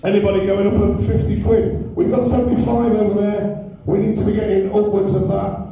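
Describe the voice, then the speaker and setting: A British man running a live auction at a fan evening, pushing loudly for bids and joking with the crowd. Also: flat delivery, fairly quick, a little hiss or hum. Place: large echoey function hall with an audience. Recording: booming hall echo, voice from far away.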